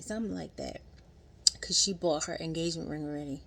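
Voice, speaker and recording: Chatty woman in her thirties, low-pitched. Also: brisk, gravelly. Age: 30s. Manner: chatty, animated, acts out quotes in higher voice. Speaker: vlogger. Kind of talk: casual commentary recap.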